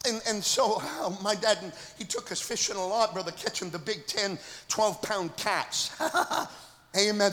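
A male pastor from Minnesota delivers a sermon in a strikingly high voice. His words ring out through a large church hall with a long tail of reverb. He pulls the congregation in with call-and-response, leaning on amen and brother, and moves between shouted peaks and relaxed storytelling. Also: unhurried, slight background noise. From Minnesota, USA. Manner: rises to shouted bursts, then drops to storytelling.

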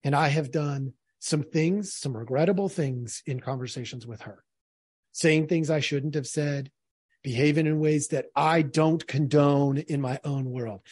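Husky-voiced man giving earnest commentary. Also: on the high side, unhurried, a little mellow, no echo, studio quality. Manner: earnest, addresses the audience as folks. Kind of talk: reflective commentary on a clip.

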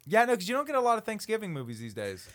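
A man's voice: high-pitched, very fast. A man co-hosting a comedy podcast, joking loosely with friends in casual banter. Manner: jokey, lively, laughing. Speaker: podcast co-host.

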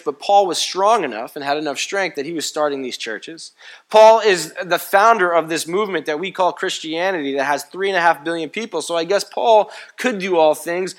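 Man, pastor, sermon, lively storytelling, higher voice. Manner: animated storytelling, playful and comic. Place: church.

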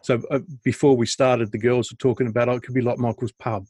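A man on a podcast, co-hosting over a video call, rambles through casual jokes and stories, restarting himself and bursting into laughter. He talks quickly at medium pitch with little pitch movement, in a slightly mellow tone with no echo.

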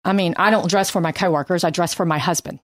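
A middle-aged woman leading a casual Bible study chat, telling lively stories about her husband and reading scripture slowly. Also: on the low side, dry recording. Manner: animated storyteller, reads scripture slowly.

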